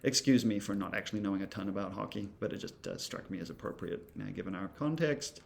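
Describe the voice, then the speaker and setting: An instructor records a casual software-demonstration lecture, thinking aloud with lots of ums and uhs. His voice is fairly low, gravelly, and fast.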